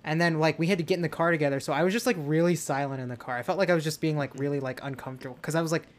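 A man's voice: a little high, rapid-fire. A young man co-hosting a podcast, telling a story in casual chat and acting out his own past lines. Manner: storytelling, animated quoting of himself. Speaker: podcast co-host.

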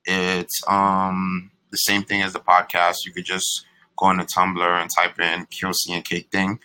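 A young man co-hosts a casual couple's podcast, laid-back and blunt, swearing freely as he talks. His voice sits fairly low but carries a bright, forceful edge. He mixes easy chatter with teasing. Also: monotone, a little slow, smooth, low-quality recording. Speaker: podcast co-host.

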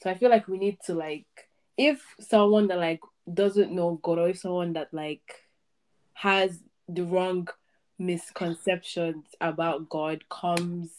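A young woman hosts a relaxed podcast conversation with friends. Her voice sits a bit low, and she rambles through her thoughts with lots of fillers. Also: slow. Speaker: podcast host. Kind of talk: casual chat.

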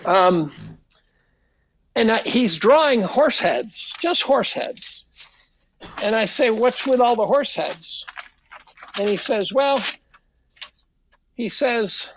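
A man's voice: very high-pitched, slow, pauses often, highs cut off, a little hiss or hum. An older man, a podcast guest, telling casual stories, swearing freely and acting out quotes. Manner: animated, profane, acts out quotes. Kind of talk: casual storytelling.

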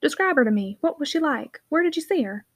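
A woman's voice: sits high, animated, fast. A woman voicing a brooding young mill owner who coaxes and teases a child in a storybook reading. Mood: teasing.

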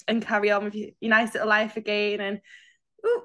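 A woman's voice: medium pitch, flat delivery, fast, a bit bright. A young woman co-hosts a casual podcast chat. She talks freely and laughs easily. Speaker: podcast co-host.

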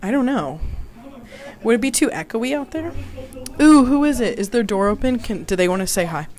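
A woman's voice: fairly high pitch, moderate pace. A young woman hosting her own podcast, chatting and reading aloud in a dorm hallway on a phone mic. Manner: chatty, giggly, lively. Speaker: podcast host. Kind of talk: casual vlog chat and reading aloud. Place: college dorm hallway and stairwell.

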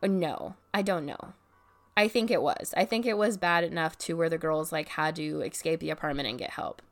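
Speaking at normal speed in a low voice, a woman chats about a story from her home apartment while soft music plays in the background. Her talk is casual, peppered with constant "like"s and occasional swearing.

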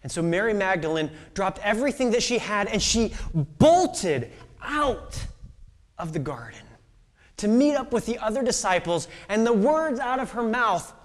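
A male pastor preaching a sermon, telling a story with quoted voices and swinging between loud outbursts and hushed whispers. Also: high-pitched, big pitch swings, moderate pace.

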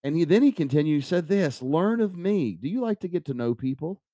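Man, podcast sermon, earnest, mellow dark tone, dry close sound. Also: fairly high pitch, sing-song, quick pace, no echo. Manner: earnest, repeats phrases for emphasis. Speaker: podcast preacher.

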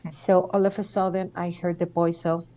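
A woman from Mexico with a Mexican Spanish accent, a guest telling emotional stories in a halting, heartfelt way with many fillers. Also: lowish voice, flat delivery, mellow. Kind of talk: emotional storytelling.

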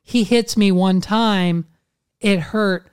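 A man hosting a casual chat, telling a story in an animated way and swearing constantly. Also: sits high, takes it slowly, clean tone.

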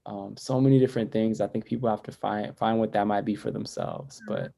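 A man, a poet and educator, speaking reflectively as a guest in a podcast interview, with many "like" fillers and a voice that drops soft and quiet when he turns inward. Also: on the low side, fairly even intonation, brisk, gravelly.

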